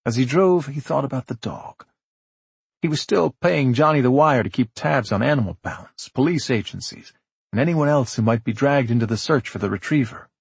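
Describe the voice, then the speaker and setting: A man narrating an audiobook in a measured, steady storytelling manner. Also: medium pitch, creaky, slightly rough, no echo.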